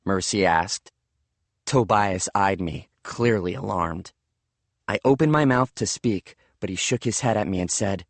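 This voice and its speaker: Slow, measured male audiobook narrator. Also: lowish voice, fairly bright tone, dry recording. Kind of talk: first-person audiobook narration.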